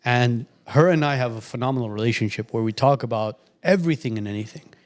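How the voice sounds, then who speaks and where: A podcast co-host in his late thirties talks quickly in a mid-range voice. He chats casually, telling stories and restarting himself often.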